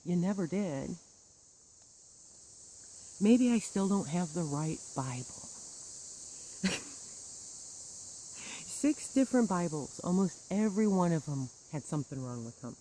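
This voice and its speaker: A woman's voice: medium pitch, expressive, unhurried, warm tone, slight background noise, rough recording. A woman telling a personal grievance story in a bitter, sarcastic monologue with wry laughs. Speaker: churchgoer recounting grievances.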